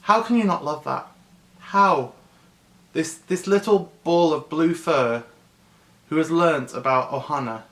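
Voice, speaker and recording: A man's voice: a little high, a little slow, pauses often, fairly bright tone. A man in his thirties, a vlogger, casually and emotionally retelling a favourite film. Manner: enthusiastic, emotional, personal.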